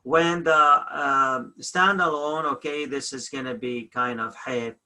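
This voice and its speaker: A man's voice: mid-range voice, fairly even intonation, takes it slowly, pushed and bright. A man teaching a language lesson, repeating each example word and often correcting himself.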